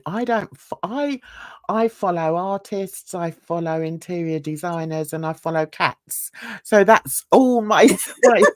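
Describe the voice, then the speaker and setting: A woman's voice: mid-range voice, no room sound, clean studio sound. An older woman hosting a casual livestream chat, rambling and laughing often. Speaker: host.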